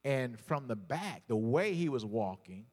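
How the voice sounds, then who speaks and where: A man's voice: medium pitch, big pitch swings, unhurried, a little mellow, big-room sound. A male pastor preaching a sermon, telling stories, often repeating words and calling out to the congregation.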